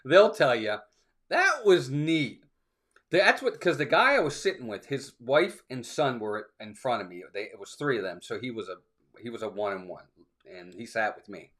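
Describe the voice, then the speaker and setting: A man's voice: mid-range voice, very animated, normal speed, a bit bright. A man co-hosting a livestream, chatting casually and telling a rambling story, quoting people along the way. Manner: chatty storytelling, acts out ride motions and quotes. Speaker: co-host of a theme park livestream. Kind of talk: casual chat.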